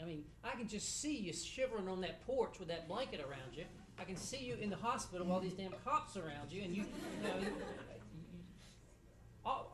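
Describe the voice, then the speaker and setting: A middle-aged man, a judge, giving halting feedback with dry humor to students after a mock trial in a courtroom. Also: high voice, noisy background. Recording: echoey room, voice from a distance.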